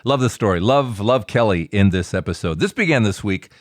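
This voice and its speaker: Low-voiced male podcast host. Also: lively intonation, fairly quick, no room sound, studio quality. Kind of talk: playful podcast intro.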